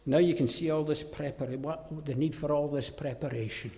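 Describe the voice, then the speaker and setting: A man preaching a sermon, emphatic and forceful, dropping into low mocking asides. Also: fairly even intonation, brisk. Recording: reverberant hall.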